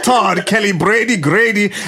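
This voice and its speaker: A man's voice: sits high, unhurried, noisy background. A man, the show's producer, telling a silly comic story on a podcast and laughing through it. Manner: lively, sing-song list of names.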